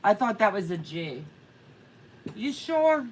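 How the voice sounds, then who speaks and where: A woman's voice: medium pitch, sing-song, takes it slowly, recorded from a distance, slight background noise. A middle-aged woman chatting casually on a livestream, telling a funny story with frequent laughs and reading viewer comments aloud. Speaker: co-host of a quilting livestream.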